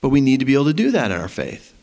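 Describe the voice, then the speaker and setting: A man preaching a sermon as pastor, animated and rising to emphasis. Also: mid-range voice, very fast, creaky. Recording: long hall reverb.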